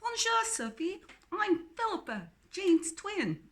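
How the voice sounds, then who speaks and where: A woman's voice: big pitch swings, takes it slowly, full character voice. A woman voicing a friendly, cheeky young English woman with an English accent, chatty and cheerful. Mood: excited. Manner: chatty, cheerful, high and bright.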